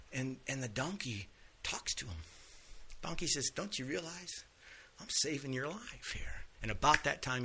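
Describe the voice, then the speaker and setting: A man's voice: on the high side, bright, forceful tone, husky. A man teaching a Bible lesson, retelling stories in a folksy, conversational way and casually acting out the characters' lines. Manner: folksy storytelling, acts out quotes casually.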